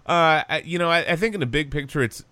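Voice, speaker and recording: A man's voice: a little high, fast, smooth, no echo. A man co-hosting a sports podcast in casual chat, joking and laughing often. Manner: laughs often, jokey, lively. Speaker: podcast co-host.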